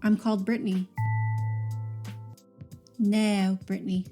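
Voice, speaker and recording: A woman's voice: medium pitch, moderate pace, warm tone, soft background music. A woman hosting a podcast language lesson, patiently modelling sounds and words for listeners to repeat.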